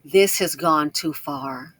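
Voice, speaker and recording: A woman delivers casual commentary in a bright, sharp-edged voice. She talks quickly and slangily and hammers her points home by repeating them. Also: deep voice, slightly rough. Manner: talks fast, tries to slow herself down. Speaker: YouTube commentator.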